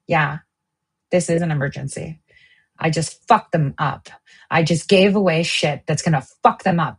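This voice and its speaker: A woman's voice: lowish voice, normal speed, husky. A woman hosting her own online show, ranting angrily and swearing, jumping from one topic to the next. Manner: heated, swearing, jumps between topics. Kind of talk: angry political rant.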